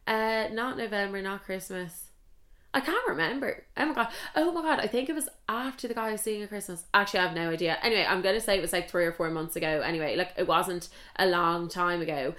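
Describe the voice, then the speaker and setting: A woman's voice: fairly low pitch, steady tone, fast talker, hardly any pauses, fairly bright tone. A young Irish woman in her twenties telling a dating story in a casual, rambling way, blunt and full of swearing and fillers. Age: 20s.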